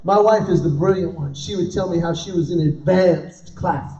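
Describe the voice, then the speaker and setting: High-voiced man doing stand-up, distant and roomy. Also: moderate pace, warm tone. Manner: punchy, self-deprecating storytelling with crowd questions. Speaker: comedian. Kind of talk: stand-up storytelling. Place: event hall. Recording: roomy, distant, dull live recording.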